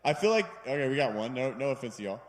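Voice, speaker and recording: Rambling stand-up comic on a bar stage. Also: male voice, mid-range voice, sing-song, fast talker. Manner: self-deprecating, rambling, acts out voices. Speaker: stand-up comedian. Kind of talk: stand-up comedy set. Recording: live room with long reverb.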